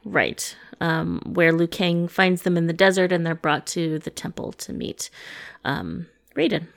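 A woman with a somewhat low voice, talking about a film in a relaxed, easygoing way. She mostly agrees with her co-host and keeps her turns short. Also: a little slow, gravelly. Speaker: podcast co-host. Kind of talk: casual movie review chat.

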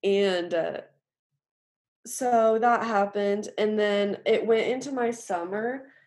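This young woman tells an earnest personal faith story in an interview. She speaks at a moderate pitch and keeps stopping to fill pauses. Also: darkish tone. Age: young adult. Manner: earnest, halting, with frequent fillers. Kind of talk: personal testimony.

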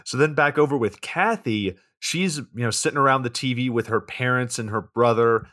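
A man's voice: medium pitch, moderate pace, pushed and bright, dry recording, studio quality. A man co-hosting a podcast, casually recapping a movie plot with swearing and asides. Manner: laid-back, recounts plot with swearing and asides. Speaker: podcast co-host.

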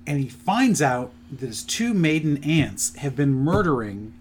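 A man's voice: fairly high pitch, very animated, unhurried, slight background noise. A middle-aged man on a podcast, rambling through a plot retelling with lots of fillers in a casual chat. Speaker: podcast co-host presenting his picks.

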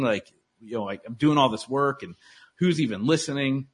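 A man's voice: medium pitch, a little fast, slightly rough. A man talking as a podcast guest in casual interview chat, earnest and motivational, with lots of likes and restarts. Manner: earnest, motivational, filler-heavy.

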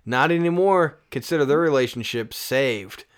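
A man co-hosting a casual podcast, reading reviews aloud with a joking tone. He laughs often. His voice sits at an ordinary middle pitch. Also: animated, normal speed, clean tone. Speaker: podcast co-host.

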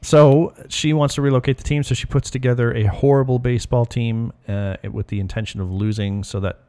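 A man's voice: medium pitch, steady tone, fairly quick, dark tone, smooth. A man hosting a casual movie podcast, joking and chatting loosely. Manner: jokey, laughs a lot. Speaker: podcast host. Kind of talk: casual chat.

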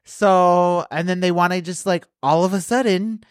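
A man's voice: high voice, fairly even intonation, moderate pace, smooth, no room sound, studio quality. A man co-hosting a podcast, telling frank stories in a casual, profane, laughing way. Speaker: podcast co-host. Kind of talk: casual chat.

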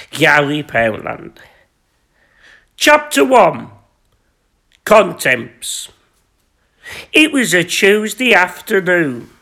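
A man hosting a podcast, reading his own erotic story in a rambling, crude, self-important deadpan. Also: high voice, vocal fry. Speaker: podcast host.

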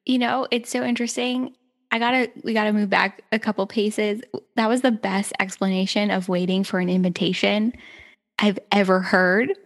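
A woman's voice: medium pitch, flat delivery, moderate pace. A woman hosting a podcast, enthusiastic and chatty, often restarting her sentences. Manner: enthusiastic, rambling, self-correcting. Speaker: podcast host. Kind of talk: podcast conversation.

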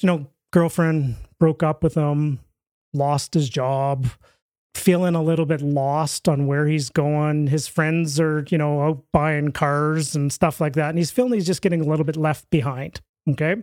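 A man with a fairly high voice talks as a podcast guest in a casual interview. He tells his stories with animation and slips into the voices of the people in them. The recording is dry and close, with almost no room sound. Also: a little slow, no echo. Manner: animated storyteller, acts out quoted voices.

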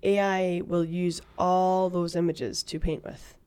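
A woman's voice: fairly low pitch, little pitch movement, takes it slowly, a little mellow, smooth. A woman from Shetland, a comedian guest, chatting casually and running on in long sentences. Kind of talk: casual chat.

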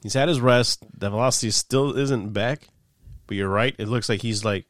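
A man co-hosting a casual sports chat, relaxed and conversational. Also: mid-range voice, normal speed, no echo, studio quality. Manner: relaxed, conversational, talks betting. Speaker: podcast co-host.

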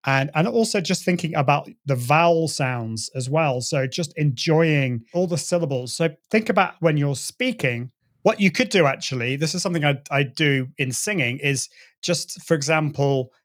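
Middle-aged guy explaining voice tricks, demos breaths and vowels, bit high voice. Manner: explains voice technique with spoken demonstrations. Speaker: guest, voice and presenting coach. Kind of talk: conversational interview.

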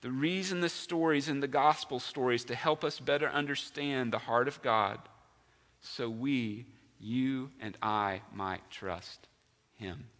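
A man's voice: mid-range voice, unhurried, fairly bright tone, long reverb tail. A male pastor preaching a sermon in a church, emphatic and asking his congregation questions. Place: church sanctuary.

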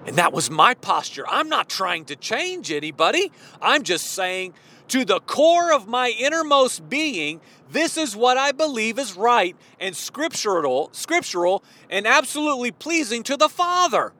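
Fervent high-voiced preacher man. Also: sing-song, a little slow. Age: 40s. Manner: fervent and worked up, at times yelling. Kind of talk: impassioned sermon.

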